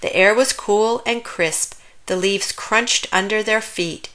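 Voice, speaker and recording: A woman reading a children's picture book aloud in an expressive, lilting storytelling manner. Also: mid-range voice, slow. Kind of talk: children's read-aloud narration.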